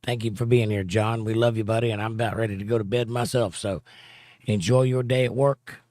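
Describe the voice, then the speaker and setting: A man's voice: lowish voice, fairly quick, no room sound, studio quality. A man hosting a livestream, casually reading viewer comments aloud and answering them. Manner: reads viewer comments aloud and chats back in a relaxed way. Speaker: livestream host.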